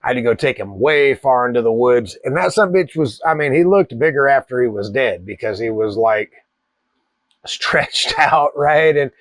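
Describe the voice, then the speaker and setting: A man, telling a wild personal story in a profane, animated way. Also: medium pitch, normal speed, dry recording. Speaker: cigar channel host. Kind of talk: casual storytelling.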